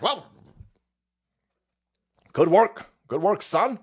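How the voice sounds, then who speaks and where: A man's voice: a little high, sing-song, a little slow. A man hosting a livestream, ranting about politics in a foul-mouthed, mocking way and often breaking into laughter. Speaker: livestream host. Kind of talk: profane political rant on a livestream.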